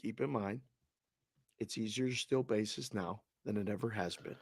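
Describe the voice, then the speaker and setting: A man's voice: lowish voice, normal speed, no echo. Laid-back male co-host, dry sound. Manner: laid-back, joking banter. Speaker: sports betting show co-host. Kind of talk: casual sports betting chat.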